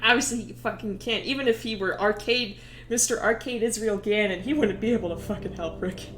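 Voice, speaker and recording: A young woman streamer retelling game lore in a casual, animated way, swearing and often breaking into laughter. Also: mid-range voice, brisk, reverberant, a little hiss or hum.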